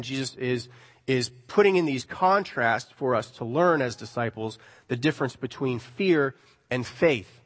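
A man preaching a sermon, animated, swinging between loud emphasis and hushed words. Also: medium pitch. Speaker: pastor. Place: church sanctuary. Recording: long reverb of a hall.

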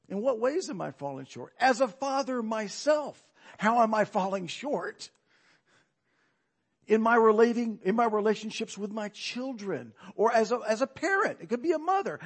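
A man delivers a sermon in a talky, emphatic way and keeps putting rhetorical questions to the congregation. His voice sits high for a man and has a slightly husky, breathy edge. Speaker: preacher.

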